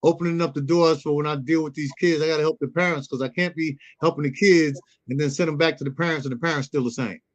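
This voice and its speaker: High-voiced middle-aged man telling stories. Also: fairly even intonation, quick pace, few pauses, muffled recording. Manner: storytelling, acts out quoted dialogue. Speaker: guest, youth mentor. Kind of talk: casual conversational interview.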